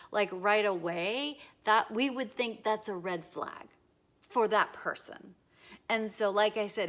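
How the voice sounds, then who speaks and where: A woman giving a casual talk, acting out short dialogues in lively voices and often repeating herself. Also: medium pitch. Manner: acts out little dialogues in bright voices; repeats words, restarts, fillers. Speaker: teacher.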